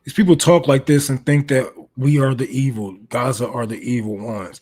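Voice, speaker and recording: A man's voice: medium pitch, fairly even intonation, moderate pace, darkish tone. A man hosting a casual political livestream, talking loosely and rambling, then breaking into mocking, swearing rants. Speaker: livestream host.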